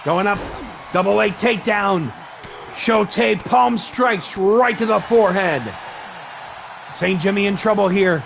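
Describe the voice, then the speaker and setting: Slow, creaky and high-pitched, this man pauses often as he calls a wrestling match over a noisy background. His excitable commentary lists moves in short bursts, with thanks to his stream's viewers between spots.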